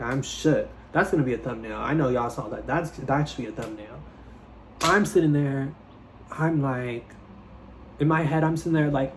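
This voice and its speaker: A man's voice: slight background noise, low-quality recording. Chatty young man telling a dating story. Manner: chatty, heavy on filler "like", swears freely; dramatic, switches into playful higher voices when quoting people. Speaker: vlogger. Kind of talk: casual storytime vlog.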